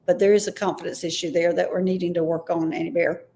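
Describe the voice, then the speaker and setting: A woman's voice: lowish voice, flat delivery, fast, mellow. A woman giving a live-streamed intuitive reading, tentative and often unsure of the messages she passes on. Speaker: intuitive reader.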